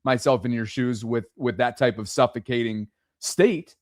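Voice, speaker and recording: A man hosting a podcast, framing the story and asking steady follow-up questions. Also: mid-range voice, moderate pace, no echo, clean studio sound. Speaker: podcast host. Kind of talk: conversational podcast interview.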